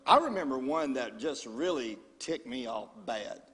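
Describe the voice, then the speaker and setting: A man, a pastor telling stories in a sermon, folksy and animated. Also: medium pitch, unhurried. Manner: folksy, animated storyteller with y'all. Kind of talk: church sermon storytelling. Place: large church sanctuary. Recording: long reverb of a large church hall.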